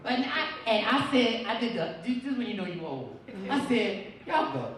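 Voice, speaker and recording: Stand-up comic, male, high voice, animated slangy storyteller; recorded from far back in an echoey room. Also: normal speed, a loud crowd. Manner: animated, slangy, acts out voices in his stories. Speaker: stand-up comedian. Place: live event hall.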